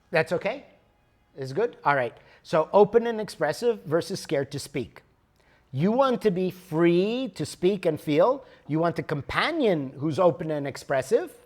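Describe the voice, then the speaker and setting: A man speaking to a live audience at a workshop, conversational and animated, swinging between loud emphasis and soft asides. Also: on the high side. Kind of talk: live motivational talk. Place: lecture room with audience.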